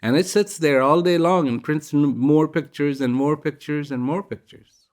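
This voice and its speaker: A man giving a casual, reflective spiritual talk, telling a parable in a gentle storytelling manner. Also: on the high side, moderate pace. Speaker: speaker giving a reflective message.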